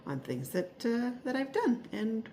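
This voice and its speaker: A woman's voice: a little high, sing-song, measured pace, warm tone, slight background noise. A woman giving a casual weekly garden update, rambling and hesitant with many fillers and restarts. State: a little out of breath. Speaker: vlogger. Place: home, upstairs spare room.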